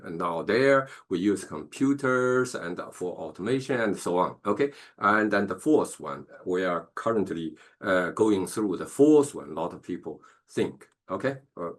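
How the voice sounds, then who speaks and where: Man, professor, masterclass lecture, lowish voice, halting, lots of fillers, keeps asking "okay?". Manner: halting, many fillers and restarts, checks in with "okay?". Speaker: professor leading a business masterclass.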